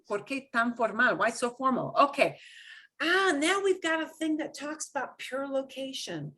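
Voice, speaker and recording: A woman teaching an online class, animated and quick to laugh. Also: high voice. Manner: animated, punches stressed syllables, laughs easily. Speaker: Spanish teacher.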